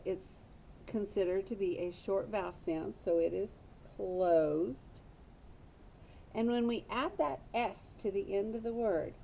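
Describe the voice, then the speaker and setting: A woman's voice: creaky, warm tone. A woman teacher giving a patient phonics lesson to young children, stopping to correct her own slips. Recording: dull lo-fi audio with faint rumble.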